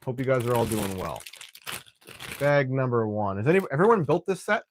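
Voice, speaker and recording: Man, young adult, live stream host, casual rambling chat, throat clearing, mid-pitched voice. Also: big pitch swings, normal speed, noisy background.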